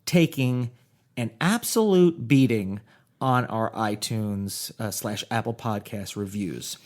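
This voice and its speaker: A man co-hosting a paranormal comedy podcast, talking in a rambling, halting way with lots of fillers. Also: on the low side, darkish tone. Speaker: podcast co-host. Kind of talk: casual chat.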